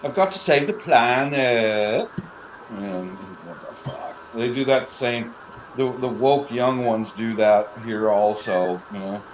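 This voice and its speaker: A man guesting on a stream, gruff and quick with a crude joke. His voice sits fairly low for a man. A faint hiss of background noise runs under his talk. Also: animated, muffled recording. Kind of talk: casual chat.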